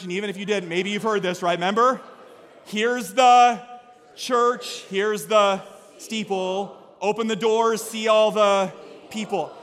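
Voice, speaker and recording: A man preaching a sermon as pastor, energetic, swinging from quiet storytelling to loud exhortation. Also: high-pitched. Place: church sanctuary. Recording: long reverb of a church hall.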